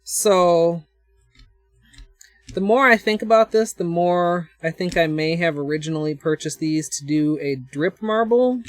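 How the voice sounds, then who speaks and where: A woman's voice: fairly low pitch, steady tone, unhurried, no echo. A woman with a Minnesotan accent chatting casually on a livestream, thinking aloud as she demonstrates and answers her chat with frequent chuckles. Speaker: nail art livestreamer.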